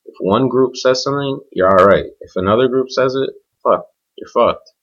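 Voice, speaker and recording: A man's voice: mid-range voice, normal speed. A man hosting his own podcast, talking off the cuff in a blunt, profane, rambling solo rant. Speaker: podcast host. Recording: dull lo-fi home recording.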